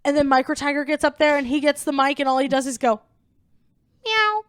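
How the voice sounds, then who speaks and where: Bubbly high-voiced woman podcast co-host. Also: level tone, no echo, studio quality. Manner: bubbly, rapid recaps full of "like" and quoted impressions. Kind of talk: casual comedic chat.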